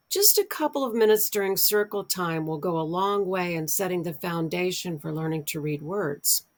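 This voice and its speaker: A middle-aged American woman explaining early literacy skills, speaking deliberately and drawing out her example words. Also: on the low side. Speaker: literacy educator. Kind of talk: instructional explainer.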